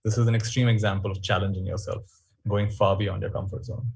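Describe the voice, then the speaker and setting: Husky male speaker leading a webinar, storytelling, animated and reflective. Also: fairly low pitch, fairly quick. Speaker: workshop speaker. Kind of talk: webinar talk.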